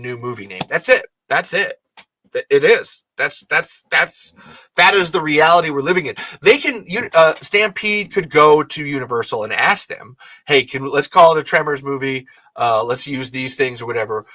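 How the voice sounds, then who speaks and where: A man's voice: on the high side, pushed and bright, dry recording. A man hosting a fan podcast, talking casually and rambling, frustrated and swearing often. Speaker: podcast host.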